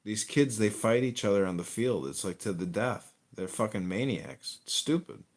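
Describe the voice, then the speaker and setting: A man's voice: fairly low pitch, lively intonation, normal speed. A man hosting a podcast, trading crude, mocking and profane banter with a caller. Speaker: podcast host.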